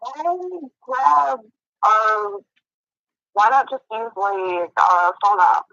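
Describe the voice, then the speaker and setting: A woman guest chats in a bright, sharp voice, teasing and affectionate. Her voice comes through a dry, tinny call line. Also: a little high, sing-song, gravelly, no echo. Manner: teasing, affectionate, quick asides. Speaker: guest artist. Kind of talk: casual chat.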